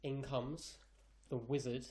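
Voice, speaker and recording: A man running a tabletop game as its narrator, describing scenes in a wry, relaxed way. His pitch sits in the middle for a man. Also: takes it slowly. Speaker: game master.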